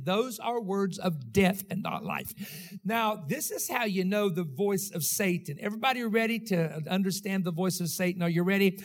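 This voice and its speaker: Man, pastor, high voice, rhythmic sermon delivery, calls out to congregation. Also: expressive, moderate pace. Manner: rhythmic preaching with call-outs to the congregation.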